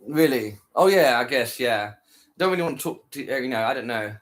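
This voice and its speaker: A man's voice: mid-range voice, lively intonation, brisk. A tired man chatting casually to his viewers after a live stream, rambling, repeating himself and trailing off. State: tired, worn out.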